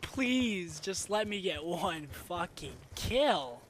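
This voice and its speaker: A young man commentating live over his own shooter match, excitable and swearing, flaring into frustrated outbursts. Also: high-pitched, slow pace. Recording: noisy game sound underneath. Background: game gunfire and effects.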